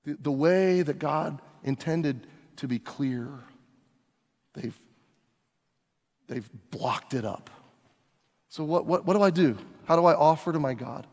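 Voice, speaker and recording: A man's voice: a little high, slow, pauses often, darkish tone, big-room sound. A male pastor preaching a sermon, telling the story dramatically as if living through it himself. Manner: dramatic storytelling, acting out scenes.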